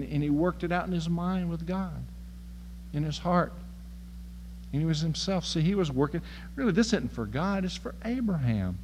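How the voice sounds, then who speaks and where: A man's voice: medium pitch, darkish tone, in a large hall, highs cut off, a little hiss or hum. A man preaching a sermon in a folksy, humorous and emphatic way.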